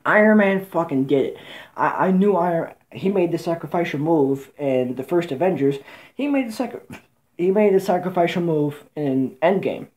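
A man's voice: a little high, expressive, moderate pace, darkish tone. A man giving a casual spoken movie review, rambling and emotional with many fillers and restarts. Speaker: channel host and movie reviewer.

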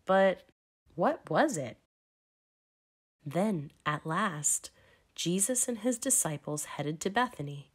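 Slow, low-voiced woman reading a storybook. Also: slightly rough. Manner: slow, expressive, emphatic. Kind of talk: children's storybook read-aloud.

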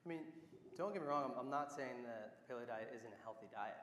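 A man's voice: mid-range voice, quick pace, fairly bright tone, slight background noise. Man speaking in an echoey hall. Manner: hesitant, frequent "uh" fillers. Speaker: conference speaker. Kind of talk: academic talk and Q&A. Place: conference hall.

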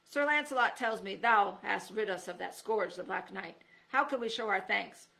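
A woman's voice: mid-range voice, normal speed, gravelly, sharp tone. A woman reading aloud, voicing a serious, stately legendary king who speaks in formal, old-fashioned words. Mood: grateful.

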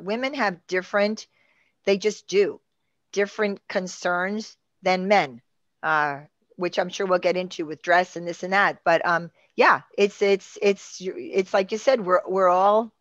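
A woman producer, a guest on a video-call talk show, chatting in a lively, conversational way. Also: on the low side, measured pace, no echo, muffled recording. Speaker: executive producer.

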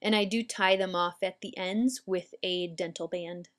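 Calm woman teaching hair braiding. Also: lowish voice, normal speed. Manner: calm, patient, step-by-step explaining. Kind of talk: instructional demonstration.

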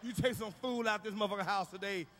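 A man doing a stand-up comedy routine on stage, ranting loudly with a profane, hard-hitting delivery. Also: high-pitched, fast, long reverb tail, slight background noise.

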